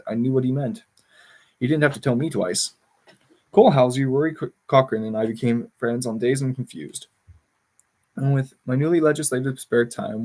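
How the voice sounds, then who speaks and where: A man's voice: medium pitch, slightly rough. A man reading a memoir aloud on a livestream, often stumbling over words and correcting himself.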